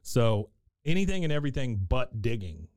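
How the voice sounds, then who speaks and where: Host, male, smooth clear voice, easygoing recap, lots of "uh"s. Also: mid-range voice, very animated, moderate pace, darkish tone, dry recording. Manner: meandering, filler-heavy storytelling. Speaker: podcast host. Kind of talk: casual episode recap chat.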